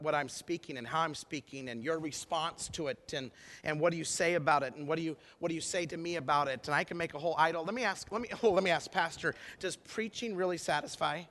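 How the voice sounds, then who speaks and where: Middle-aged pastor guy, high bright voice, chatty emphatic sermon, long echo in a big hall. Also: fast. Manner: emphatic, conversational preaching with rhetorical questions. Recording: echoey hall with long reverb.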